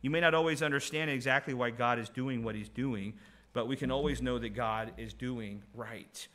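A man's voice: mid-range voice, moderate pace, sharp tone. A man preaching a sermon, earnest and conversational, repeating key phrases, with frequent restarts and short laughs, reading scripture aloud. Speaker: pastor.

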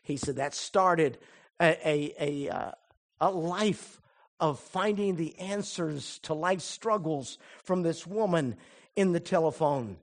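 A male pastor tells a story from the pulpit in a voice pitched a bit above the usual for a man. He acts out the people in his tale with lively swings of loudness, then settles into a quiet, earnest tone to drive home his point. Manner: animated storyteller who acts out quoted voices; drops to a soft, earnest tone for the application. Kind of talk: sermon storytelling.

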